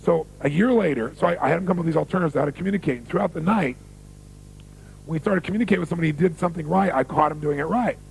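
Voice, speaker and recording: A man's voice: on the high side, racing, vocal fry, a little mellow, a little hiss or hum, low-quality recording. A man giving a motivational seminar talk on stage, telling stories, repeating key phrases for emphasis and quizzing the audience. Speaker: motivational speaker.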